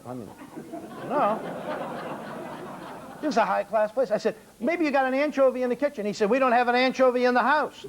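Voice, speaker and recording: Brief: male seminar speaker, high-pitched, wry storyteller who acts out the dialogue. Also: low-quality recording. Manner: storytelling, acting out quoted dialogue. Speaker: seminar speaker on restaurant service. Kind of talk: lecture with anecdotes.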